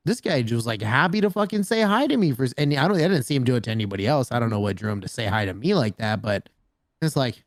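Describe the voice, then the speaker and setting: Animated, swearing man on a podcast. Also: medium pitch, fast, no room sound, studio quality. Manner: animated storyteller, swears freely, says "bro" a lot. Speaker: podcast co-host. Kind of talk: casual chat.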